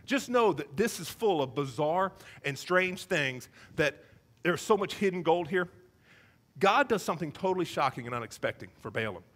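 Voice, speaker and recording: Lively, high-pitched male preacher. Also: normal speed. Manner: animated storytelling, acting out voices for comic effect. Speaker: pastor. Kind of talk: sermon.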